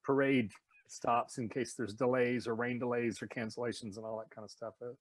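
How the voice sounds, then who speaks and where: A Nashville voice actor and singer, appearing as a guest in a casual interview, animatedly tells stories about his voice work and now and then slips into announcer voices. His voice is medium-pitched and level, a little fast, with no echo.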